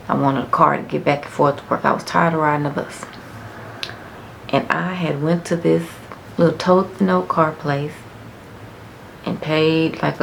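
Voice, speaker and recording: Low, gravelly woman telling a story. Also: a little hiss or hum. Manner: frank, casual, reminiscing. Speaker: vlogger. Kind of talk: personal storytelling.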